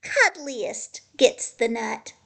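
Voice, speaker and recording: A woman voicing a small excitable male rabbit in a storybook read-aloud, loud and squealing. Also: fairly high pitch, drawn-out words, vocal fry, full character voice. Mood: eager.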